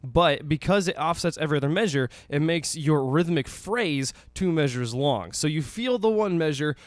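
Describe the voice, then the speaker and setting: Excitable man rambling about music theory. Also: on the high side, moderate pace, no room sound. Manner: enthusiastic, rambling with many restarts, counts beats aloud. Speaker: music vlogger. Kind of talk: casual music theory explainer.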